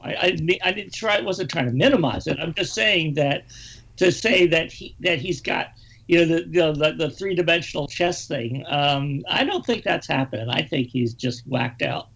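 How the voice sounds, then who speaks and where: Gravelly man on a talk panel. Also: a little high, expressive, normal speed, fairly bright tone. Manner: hesitant, repeats words. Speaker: panel guest. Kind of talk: casual political chat.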